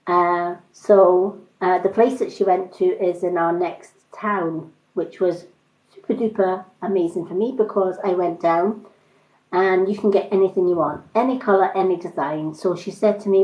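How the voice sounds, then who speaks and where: A woman's voice: fairly low pitch, fairly even intonation, moderate pace. A woman selling makeup and skincare, chatting casually on a live stream and rambling through stories with lots of fillers. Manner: rambling storyteller with frequent fillers. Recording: roomy, slightly dull sound.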